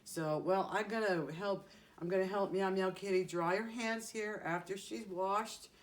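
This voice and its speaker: A woman children's entertainer speaks to young kids at an unhurried pace. Her delivery is gentle and sing-song, with exaggerated emphasis on key words. Her pitch sits in an ordinary middle range. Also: fairly even intonation.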